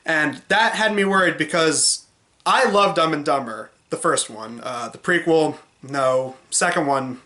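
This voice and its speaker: A young man talking casually and at length in a movie review vlog, rambling and sometimes mimicking cynical voices in a high pitch. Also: measured pace, pushed and bright. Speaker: movie vlogger.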